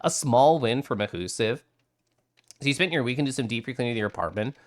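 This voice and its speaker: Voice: medium pitch, lively intonation, quick pace. A streamer chatting casually on a live stream, reading out viewer messages, greeting viewers and laughing often.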